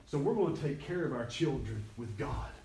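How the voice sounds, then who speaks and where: A man's voice: medium pitch, animated, normal speed, dark tone, a little hiss or hum. A middle-aged man preaching a sermon as pastor, telling folksy stories with quoted dialogue. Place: church sanctuary. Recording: echoey hall, distant mic.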